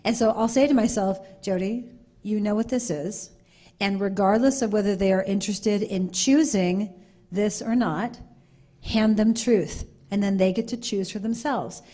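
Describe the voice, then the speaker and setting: An earnest woman speaking on a conference panel. She talks at a medium pitch, circles back to the same phrases, and acts out little quoted exchanges as she goes. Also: moderate pace, dark tone.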